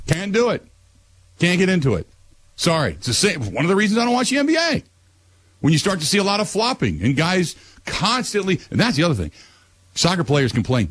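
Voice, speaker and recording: Radio talk host, male, husky, lively pitch, opinionated rant. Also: no echo. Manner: animated ranting, voice climbing high when worked up.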